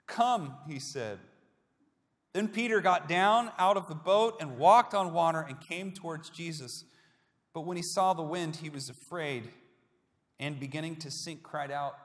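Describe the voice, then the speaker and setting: Pastor preaching in a reverberant hall. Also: male voice, animated, moderate pace. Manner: storytelling with a swing between hushed lows and loud, emphatic peaks. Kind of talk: sermon.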